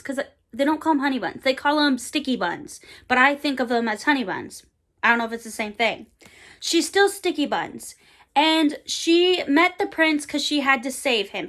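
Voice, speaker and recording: A woman's voice: sits high, fairly bright tone. A woman in her twenties chatting casually about books she loves, rambling a little, with fillers and playful slang. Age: 20s. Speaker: book vlogger. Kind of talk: casual book recommendation chat.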